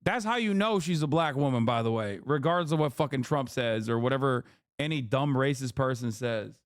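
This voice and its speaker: A man's voice: mid-range voice, animated, a little fast, no echo, studio quality. A man streaming live, giving casual, profane and sarcastic commentary on the news.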